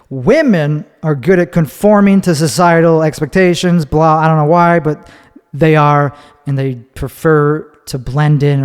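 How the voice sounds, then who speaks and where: A man hosts his own podcast alone, talking on his feet in a loose, profane, opinionated ramble. His voice sits a little high for a man. The sound carries a long reverberant tail. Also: a little mellow. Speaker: podcast host. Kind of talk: solo podcast monologue. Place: recorded standing up.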